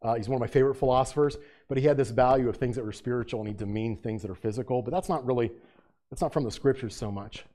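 A man's voice: medium pitch, fast talker, warm tone. A man preaching a sermon as pastor, asking his congregation rhetorical questions and rising to fervent emphasis.

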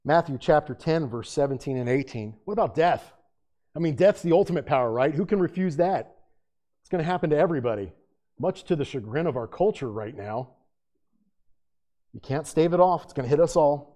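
A man preaching a sermon in a conversational way, reading scripture aloud with loud emphasis. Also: fairly high pitch, expressive, a little fast. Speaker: pastor.

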